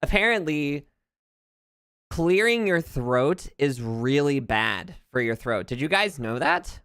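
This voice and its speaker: A man's voice: a little high, animated, takes it slowly, fairly bright tone, clean tone, dry recording, studio quality. A young man from the southern United States with a light Southern accent, streaming and chatting casually. He rambles, drifts into tangents and laughs often. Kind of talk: casual chat while gaming.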